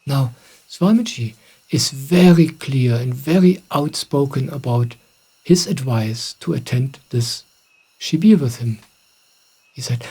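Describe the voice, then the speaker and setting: A middle-aged man, a spiritual teacher, calmly answering questions in a gentle, reflective way. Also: medium pitch, takes it slowly, husky. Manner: gentle, reflective, soft-spoken. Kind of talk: calm satsang answering questions.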